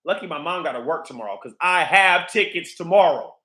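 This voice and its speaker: A man with a high, bright voice talks straight to the camera in a loose, profane monologue. He rambles from one point to the next in an animated way. The sound bounces around a roomy, echoey space. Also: a little fast. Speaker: vlog host. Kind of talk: casual monologue. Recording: echoey room.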